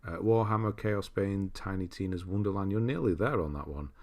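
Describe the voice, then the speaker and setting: This is a young British man on a laid-back livestream, speaking briskly in a low voice. He banters casually, reads out viewer messages, and laughs frequently.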